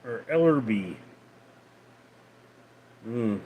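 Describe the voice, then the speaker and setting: A man hosting a casual livestream, reading out viewer messages and replying in a deadpan way. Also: medium pitch, very slow, husky, phone-quality sound. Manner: reads out viewer names and messages, deadpan replies. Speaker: livestream host reading chat.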